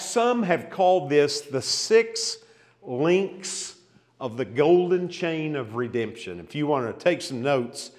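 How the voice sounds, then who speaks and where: A man leads a Bible study, his voice sitting a little high as he reads scripture aloud with growing emphasis. He keeps turning to the class with questions. A long reverb from the church hall hangs behind him. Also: a little mellow. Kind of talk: expository Bible lesson.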